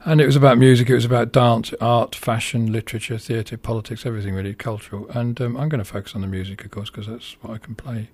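A man introducing records on a music show, with a husky, slightly breathy voice at an ordinary pitch. He talks off the cuff, stumbling through fillers and restarting sentences as he goes. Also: steady tone, fast, hardly any pauses, darkish tone, no echo. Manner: hesitant, many ums and restarts. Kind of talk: casual unscripted radio-style introduction.

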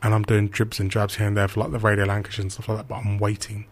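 Young man telling lively stories. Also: lowish voice, rapid-fire. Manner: animated anecdotes, acts out quotes. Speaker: football radio reporter. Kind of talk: casual storytelling chat.

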